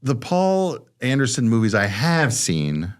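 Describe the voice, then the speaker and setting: A man's voice: mid-range voice, very animated, a little slow, smooth. A man co-hosting a casual horror podcast chat, acting out quoted lines as he talks and swearing freely. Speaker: podcast co-host.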